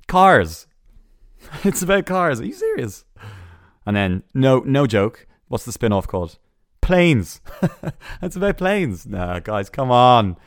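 A man hosting a solo entertainment news podcast, chatty and sarcastic, full of quick asides and restarts. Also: sits low, no echo, studio quality. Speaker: podcast host.

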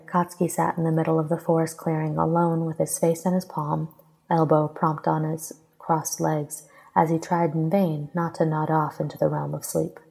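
A woman reading a romantic fantasy fan fiction aloud in steady, even storybook narration. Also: low voice, gravelly, slightly rough, poor audio.

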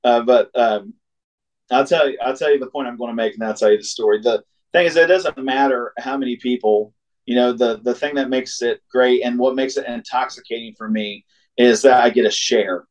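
A singer-songwriter from Ohio, a relaxed and chatty guest, spins a long road story he loves in casual conversation, his middle-pitched voice warm and easy with a brisk pace. He laughs often, leans into the punchlines and briefly acts out the voices of the people he describes. The audio is poor.

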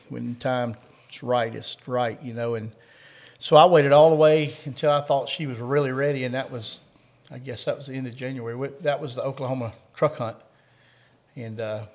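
A middle-aged man from Kentucky with a Southern accent, a coon hunting dog handler telling a story in an interview in a folksy way. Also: mid-range voice. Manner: folksy storyteller, laughs through the funny parts.

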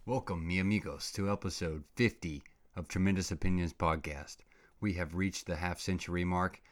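A man hosting his own comedy podcast, rambling excitably and throwing in slang like "dude" and "bro" as he rants. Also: deep voice, moderate pace. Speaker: podcast host. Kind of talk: comedic solo podcast rant.

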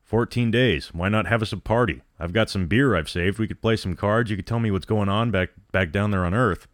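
A desperate, lonely prisoner begs for company, words tumbling out in a rising, pleading rush, as a man puts him on. The voice sits low, and the recording is dry and close. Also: fairly quick, dry recording, close to an everyday voice.

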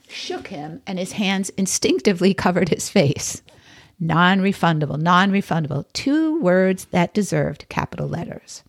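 A woman's voice: fairly low pitch, creaky, a little mellow, no echo, studio quality. A woman hosting a podcast, telling a story casually with wry, chatty asides to her listeners. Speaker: podcast host.

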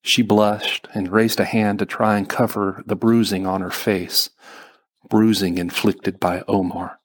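Guy reading his own novel aloud, low husky voice, slow and steady. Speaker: audiobook narrator and author. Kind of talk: first-person audiobook narration.

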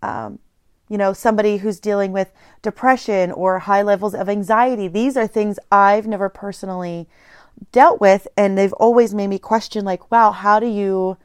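A woman's voice: medium pitch, steady tone, normal speed, clear, resonant tone, no echo, studio quality. A woman in her thirties hosting a solo podcast, talking things through in a reflective, meandering way with frequent restarts. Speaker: podcast host. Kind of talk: casual solo podcast monologue.

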